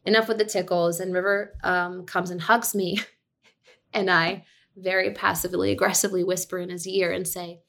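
A woman's voice: lowish voice, normal speed, creaky. A woman in her thirties, a guest on a podcast, telling a family story in casual chat and acting out the lines she quotes. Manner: animated storyteller, acts out quotes, laughs easily. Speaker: podcast guest, actor and director.

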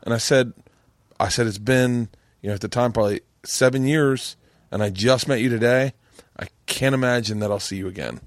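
A man's voice: mid-range voice, a little fast, no echo, studio quality. A man hosting a podcast, chatting casually and telling a profane story, acting out the people in it. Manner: profane, storytelling with quoted voices. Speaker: podcast host. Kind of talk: casual chat.

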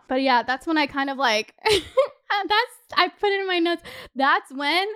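Woman, twenties, high voice, casual storytelling, lots of swearing and filler. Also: expressive, normal speed, a bit bright. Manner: chatty, swears a lot, heavy filler "like". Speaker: podcast host.

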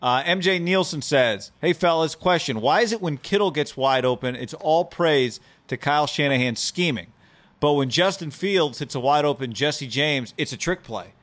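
A man co-hosting a sports podcast, reading ads and mailbag questions in a brisk, casual way. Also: fairly high pitch, expressive, fairly bright tone. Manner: brisk, upbeat ad reads and loose banter. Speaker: podcast co-host.

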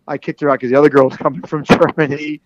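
A man's voice: on the high side, little pitch movement, fast talker, dull audio, very noisy. A man speaking candidly about his sobriety, rambling with many restarts and fillers. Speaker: guest in recovery. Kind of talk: candid conversation.

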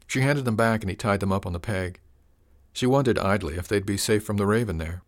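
A man narrating a story in a calm, measured, unhurried way. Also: on the low side. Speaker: audiobook narrator.

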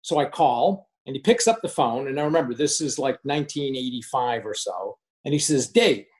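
A man's voice: medium pitch, brisk. A man in his sixties, a former finance manager, telling a casual story and acting out the dialogue with animation. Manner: animated, acts out quoted dialogue. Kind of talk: casual spoken anecdote.

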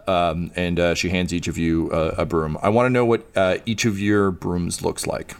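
A man's voice: low voice, steady tone, moderate pace, creaky, hardly any pauses. A man narrating as game master, rambling with many fillers and voicing characters.

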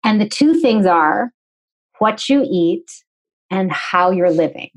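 A woman in her forties from New England, a nutritionist telling her story as a podcast guest, articulate and animated, acting out the dialogue. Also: mid-range voice, slow pace, rough recording. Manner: articulate, explanatory. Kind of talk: conversational storytelling interview.

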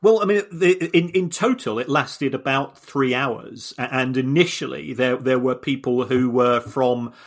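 A man talking through an explanation in a casual podcast chat, with a mid-range voice that is neither high nor low. He often restarts his sentences and repeats words as he works through his points. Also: measured pace, hardly any pauses. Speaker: podcast co-host.

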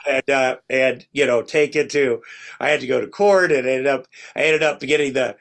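A man's voice: mid-range voice, moderate pace, creaky, a bit bright. A middle-aged man, a guest on a podcast, telling long stories in a rambling, casual way and acting out what others said. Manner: rambling, restarts often, acts out quoted lines. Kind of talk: casual storytelling chat.

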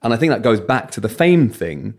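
A man's voice: fairly low pitch, sing-song, a little fast, darkish tone. A British man and radio presenter, a guest in a casual interview, talking candidly and telling self-mocking stories.

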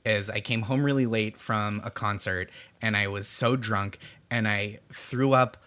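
A man's voice: on the low side, steady tone, unhurried, sharp tone. A man co-hosting a casual political talk show, joking in a wry, self-deprecating way. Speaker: podcast co-host.

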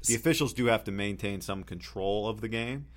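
Low-voiced man pushing back firmly. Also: brisk. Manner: firm, argumentative, reasoned pushback. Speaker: sports talk co-host. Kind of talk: casual sports debate chat.

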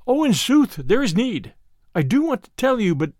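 A man's voice: big pitch swings, moderate pace, darkish tone, no echo, studio quality, heavily acted. A man voicing a timid, frightened young page boy who speaks in old-fashioned, trembling phrases. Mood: fearful. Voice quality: higher, trembling, archaic speech.

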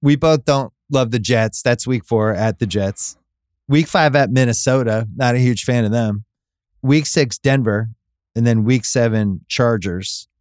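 A man hosting a casual sports podcast, animated and chatty with quick asides. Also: medium pitch, no echo, studio quality. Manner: animated, quick asides, reads ads conversationally. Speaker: podcast host.

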